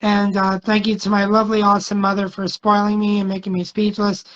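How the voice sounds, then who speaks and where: A man's voice: high-pitched, monotone, fairly quick, a bit bright. A man, a guest singer, telling long stories in a casual interview, rambling and hesitant with many fillers. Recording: dull lo-fi sound.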